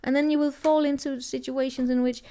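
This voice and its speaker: A woman's voice: sits high, level tone, brisk, dark tone. A woman giving a casual tarot reading, thinking aloud and rambling with many restarts. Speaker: tarot reader.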